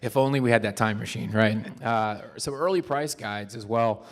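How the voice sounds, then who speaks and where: A man with a croaky, hoarse voice giving a rambling, friendly talk at a convention panel, often correcting himself. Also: mid-range voice, normal speed. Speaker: panel speaker. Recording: long hall reverb.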